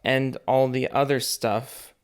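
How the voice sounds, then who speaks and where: A man's voice: mid-range voice, fairly even intonation, slow pace. A man hosting a reaction video, talking in an exasperated, sarcastic, incredulous way.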